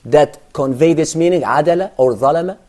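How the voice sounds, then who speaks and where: A man who works as a translator, arguing his position on a television panel. His voice sits fairly high, and he presses his point insistently while leaning on hesitant fillers. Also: a little fast, darkish tone. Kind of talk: debate on a TV panel.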